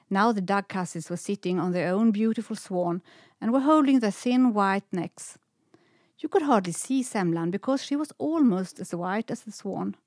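A woman reading a children's storybook aloud in a gentle, expressive way. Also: mid-range voice, dry recording, clean studio sound.

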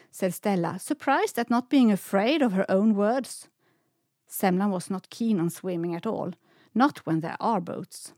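A woman reading a children's storybook aloud in a gentle, expressive way. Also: mid-range voice, measured pace, dry recording, studio quality.

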